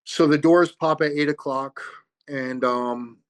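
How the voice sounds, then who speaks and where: A man giving a personal recovery testimony, speaking in an earnest, halting way with pauses and repeated words. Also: on the high side, fairly even intonation. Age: adult with children. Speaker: person sharing his recovery story.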